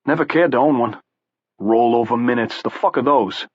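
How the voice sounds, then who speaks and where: A man voicing a gruff, bloodied, bald brawler, blunt and profane. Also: mid-range voice, moderate pace, no room sound, dull audio, pitched above the performer's own voice, lightly acted.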